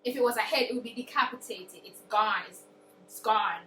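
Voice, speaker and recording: Young woman, chatty book vlogger, high bright voice, roomy distant sound. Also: a little fast, over music. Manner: chatty, dramatic retelling with acted quotes. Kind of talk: casual book recap. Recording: roomy echo, distant mic.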